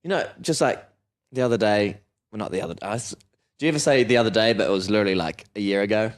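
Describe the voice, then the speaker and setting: Young Kiwi podcast host, lowish voice, animated, puts on voices in his anecdotes. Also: fast. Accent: New Zealand. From New Zealand. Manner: animated storyteller, acts out quoted voices. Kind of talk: casual chat. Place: Melbourne.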